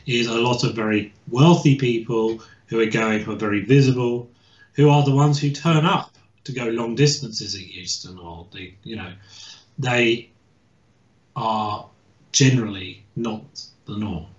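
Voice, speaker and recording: Brief: male guest historian, halting and full of restarts, lo-fi echoey video-call sound. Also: medium pitch. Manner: hesitant, many restarts and fillers. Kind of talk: casual expert explanation. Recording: echoey and dull lo-fi.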